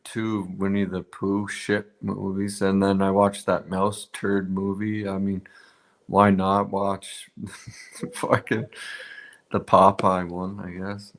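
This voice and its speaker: A man's voice: low-pitched, monotone, slow. A man co-hosting a casual movie watch-along, hesitant and crude. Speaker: podcast co-host.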